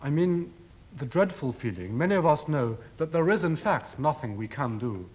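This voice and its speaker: A man lecturing formally on television. His pitch rises and falls in wide, animated swings. He builds his points rhetorically and leans on ironic emphasis. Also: moderate pace.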